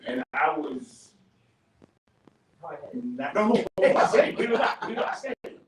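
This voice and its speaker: A man's voice: fairly high pitch, big pitch swings, unhurried. A man in his fifties on a barbershop panel, rambling through family stories with many restarts and laughs. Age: 50s. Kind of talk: casual panel talk. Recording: echoey room, distant mic, noisy.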